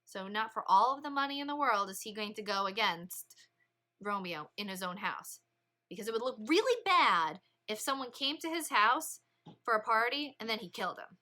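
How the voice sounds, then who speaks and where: A woman teacher leading a read-along literature lesson, explaining in a lively, chatty way. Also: fairly high pitch, normal speed. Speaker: English teacher.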